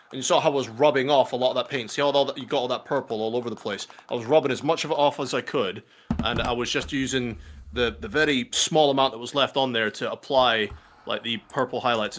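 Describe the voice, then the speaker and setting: A man's voice: mid-range voice, steady tone, brisk, a bit bright. A man, a guest on a painting stream, chatting casually and rambling a little about what he is doing. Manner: rambling, self-deprecating. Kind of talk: casual chat.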